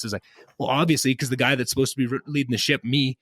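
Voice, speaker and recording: A young man hosts a casual podcast from his home basement on a podcast mic, rambling with lots of restarts and self-deprecating asides. His medium-pitched voice is steady and a bit bright, racing along, with no room sound.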